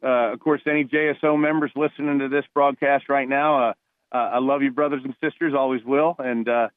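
Man, tinny dry phone line, middle pitch, heartfelt rambling call-in guest, from New Jersey. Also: fairly even intonation, fairly quick, clear, resonant tone, dry recording. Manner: emotional, rambling storytelling with many restarts. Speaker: guest, retired police officer and former college ballplayer. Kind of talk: phone-in radio interview.

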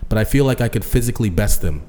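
A man's voice: lowish voice, animated, quick pace, dark tone, a little hiss or hum. A man co-hosting a podcast, talking bluntly and emphatically in casual conversation. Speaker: podcast co-host. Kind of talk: casual chat.

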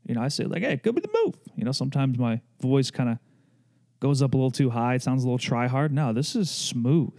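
Podcast host, young man, mellow, loose joking ramble. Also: medium pitch, steady tone, brisk. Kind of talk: casual chat.

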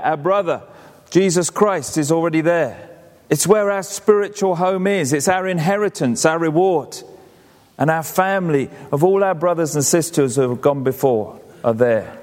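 High-voiced preacher in a reverberant church. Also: male voice, a little mellow. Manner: conversational, storytelling, repeats words. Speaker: pastor. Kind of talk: sermon.

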